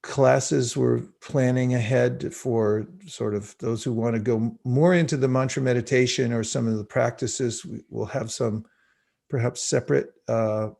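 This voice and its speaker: Via video call, a man teaches a spiritual class online, reflective in his speech and slow as he chants mantras for the group to repeat. His voice is mid-range, steady and gravelly, a little mellow.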